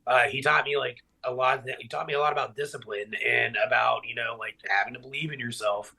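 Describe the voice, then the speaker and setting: A man with a gravelly, fry-touched voice, talking casually as a podcast guest. He rambles through stories with plenty of "like" and "you know," and gets lively when he acts out old memories. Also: medium pitch, fast. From Middle Tennessee. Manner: rambling, filler-heavy, animated when retelling stories. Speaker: guest, professional wrestler.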